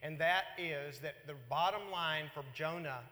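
Man, sermon, high bright voice, long hall reverb, animated preaching. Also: normal speed. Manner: animated preaching, voices God and Jonah in quotes. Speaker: pastor.

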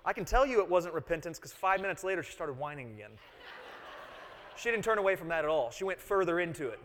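Speaking in a high-pitched, slightly bright voice, a pastor in his thirties gives an earnest sermon. He explains ideas, returns to key phrases again and again, and questions the congregation, all echoing with long hall reverb.

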